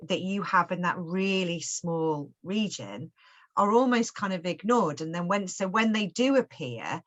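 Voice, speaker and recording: Lower-voiced woman. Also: expressive, a little slow. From Stoke-on-Trent, England. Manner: thoughtful, with many restarts and fillers. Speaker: writer on a panel. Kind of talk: casual panel discussion.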